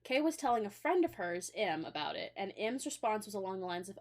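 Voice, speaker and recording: A woman hosting a casual stream, reading stories aloud and reacting with animated indignation and swearing. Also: medium pitch, brisk, few pauses.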